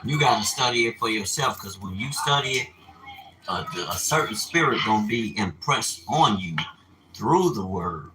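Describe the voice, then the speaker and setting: Man preaching loudly over background noise. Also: on the low side, moderate pace, echoey room. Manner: animated, profane, bursts of shouting. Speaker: religious teacher. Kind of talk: informal preaching and ranting. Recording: noisy ambient background.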